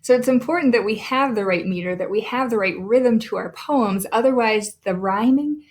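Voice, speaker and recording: A woman teacher records a lesson for her students. She talks clearly and deliberately, slowing down to sound out names syllable by syllable. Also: fairly high pitch.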